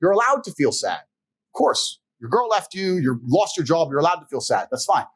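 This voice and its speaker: A man with a slightly high voice talks as an interview guest. His delivery is blunt and emphatic, full of swearing, as he tells stories casually. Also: sing-song, moderate pace, husky, poor audio.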